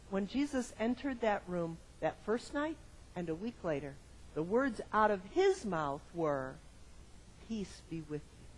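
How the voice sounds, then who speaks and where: A male pastor giving a sermon to his congregation in a church, moving from quiet reflection to loud emphatic exclamations and repeating phrases in rhythmic lists. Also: high voice, slight background noise, rough recording. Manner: addresses the congregation directly with questions. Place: church sanctuary.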